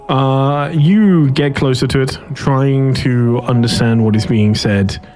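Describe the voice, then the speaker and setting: A man's voice: mid-range voice, darkish tone. A man running a tabletop role-playing game as game master, narrating in a hesitant way with many fillers and restarts.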